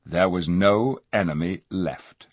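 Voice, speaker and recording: A man narrating a storybook in an expressive, lively way. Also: deep voice, slow pace, breathy edge, dry recording, studio quality. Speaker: audiobook narrator. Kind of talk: storybook reading.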